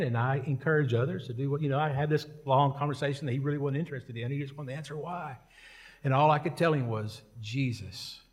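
A man's voice: medium pitch, long reverb tail. A male preacher tells a story from the pulpit in a loose, conversational manner. His tone is folksy and full of jokes, and he talks to the congregation like friends. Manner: casual, joking, folksy. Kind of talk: sermon storytelling.

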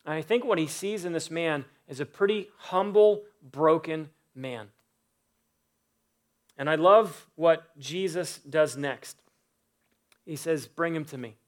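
A man preaching a sermon, earnest, with pauses and rhetorical questions. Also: fairly high pitch.

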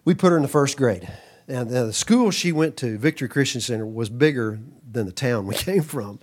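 A middle-aged man from Texas preaches with energy, his voice rising and dropping as he tells stories. He jumps into quick asides and acts out the voices of people in his stories. His voice sits at an ordinary pitch for a man. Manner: animated, acts out quoted voices, breaks into asides. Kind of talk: sermon.

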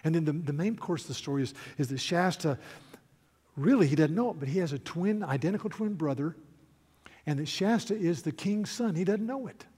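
A male preacher giving a sermon, reading aloud from a storybook with animated, soft asides. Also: a little high, a little fast, husky. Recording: echoey hall reverb.

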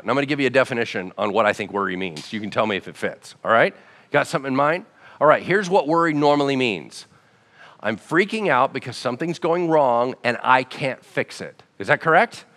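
Energetic male pastor, bright voice with a wide range, conversational sermon, long church-hall reverb. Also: medium pitch, a little fast. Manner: animated, conversational preaching with acted-out dialogue.

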